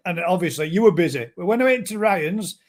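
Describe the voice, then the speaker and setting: A man's voice: sits high, lively intonation, a little fast. A man hosting a casual live-stream chat, friendly and calling people mate. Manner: chatty, friendly, calls everyone mate.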